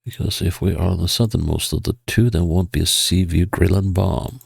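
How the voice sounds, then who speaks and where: A man with a low, husky voice and a stuffed-up nose talks through a video game in a casual, hesitant way, thinking aloud and chuckling now and then. His voice has a gravelly edge, and the recording is dry and close. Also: a little fast, dry recording. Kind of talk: casual gameplay commentary.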